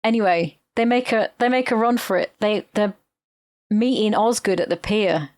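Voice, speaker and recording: Woman co-host, salty animated film recap, dry close sound, mid pitch. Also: moderate pace, dry recording. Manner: swears freely, animated retelling. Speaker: podcast co-host. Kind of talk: casual chat recapping a film.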